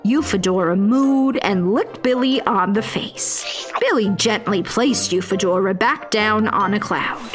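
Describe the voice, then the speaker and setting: A woman narrating a children's fairy tale in a playful, expressive voice, now and then dropping to a whisper for suspense. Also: mid-range voice, measured pace, soft background music. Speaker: storyteller playing the fairy narrator. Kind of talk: scripted children's story narration.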